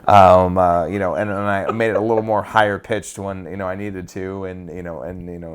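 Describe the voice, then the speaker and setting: A man with a fairly low voice, co-hosting a casual podcast. He rambles through his stories with plenty of "um"s and restarts. He swears freely and keeps a loose, offhand tone. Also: fairly even intonation, fairly quick, few pauses, clear, resonant tone. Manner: rambling, with frequent fillers and restarts. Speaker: podcast co-host.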